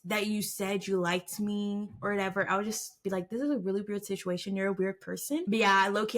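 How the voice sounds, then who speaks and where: A woman's voice: medium pitch, fairly bright tone. A young woman co-hosting a casual podcast, who talks in a blunt, puzzled way and uses "like" often. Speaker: podcast co-host. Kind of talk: casual chat.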